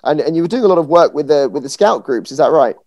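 A man's voice: fairly high pitch, animated, fast talker, a little mellow. A man hosting a podcast, asking questions in friendly, chatty interview talk. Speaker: podcast host. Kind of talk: casual interview.

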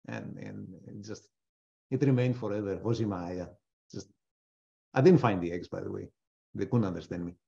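A man with a lowish, warm voice and some vocal fry hosts a live trading webinar, thinking out loud as he trades. He keeps restarting sentences and throws in joking asides. The audio is dull and lo-fi, typical of a webinar.

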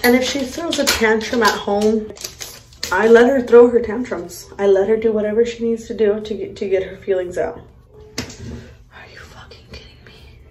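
A woman's voice: on the high side, fairly even intonation, normal speed, darkish tone, slight background noise. A young woman, a mother, telling a story in a casual vlog while doing her makeup, blunt, profane and exasperated. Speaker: vlogger, mother. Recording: echoey room.

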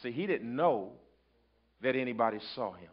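A man preaching a sermon in a call-and-response style, swinging between loud appeals and hushed asides. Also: medium pitch, expressive, normal speed, breathy edge. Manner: call-and-response preaching, rising and falling intensity. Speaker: pastor. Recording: dull lo-fi sermon recording.

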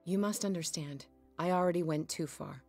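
A woman's voice: on the low side, moderate pace, darkish tone, soft background music. An actress playing a secretive young woman in a video game, who speaks earnestly but guardedly.

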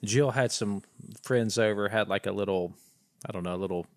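A man on a casual podcast, telling a story about his family in an animated way. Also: fairly low pitch, normal speed, dry recording, clean studio sound. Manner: animated anecdote teller. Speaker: podcast co-host. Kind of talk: casual chat.

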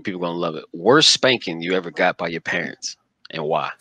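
A man hosting a casual podcast interview, his low voice bright and forceful. He asks his questions in a laid-back way. The sound is dry and close, with no room around it. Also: brisk, slightly rough, dry recording. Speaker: podcast host.

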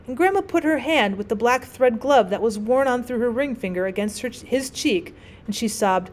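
A woman teacher narrating a classic short story as an audiobook, with clear, measured storytelling. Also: on the high side, lively intonation. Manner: clear, measured storytelling with gentle voices for characters.

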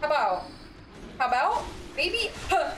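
A young woman streaming a horror game, reacting loudly with lots of swearing and jumpy outbursts. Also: high voice, very animated, measured pace, background noise. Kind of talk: live game commentary.

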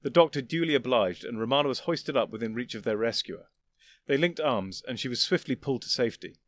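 Male narrator, mid-pitch, dry close recording, steady dramatic reading. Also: fairly quick, no echo. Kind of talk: audiobook narration of fan fiction.

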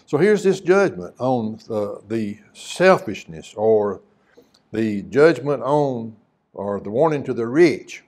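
A man's voice: mid-range voice, expressive, takes it slowly, a little mellow. A man preaching a sermon, mixing scripture reading with folksy, conversational questions to the congregation. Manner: reads scripture aloud in old-fashioned wording.

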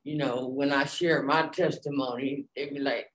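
A woman giving an animated personal testimony in a group, acting out the dialogue with many fillers. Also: a bass voice, a little slow. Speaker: Bible study participant. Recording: echoey room.

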